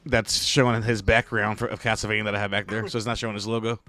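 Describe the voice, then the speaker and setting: A man co-hosting a live-streamed podcast, relaxed, laughing along and explaining the channel's setup. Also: fairly low pitch, fast talker, faint music behind. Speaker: podcast co-host. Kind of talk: casual chat on a live stream.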